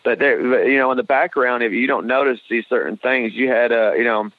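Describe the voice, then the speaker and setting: A man with a drawl talks through fight results in a loose, rambling way, circling back with fillers and blunt cursing. His voice comes through a dry, tinny, phone-like line. He sits at an ordinary pitch. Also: a little fast, no echo. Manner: rambling, many restarts and fillers, blunt with swearing. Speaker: co-host of a fight podcast. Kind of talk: casual sports talk.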